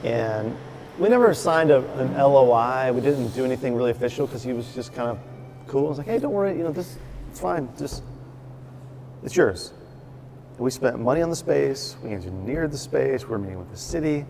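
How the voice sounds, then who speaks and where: Animated man telling a story in a taproom. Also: medium pitch, a little fast, creaky, slight background noise. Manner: animated storyteller, acts out quotes with restarts. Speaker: brewery owner, guest. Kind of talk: casual storytelling chat. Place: his brewery taproom.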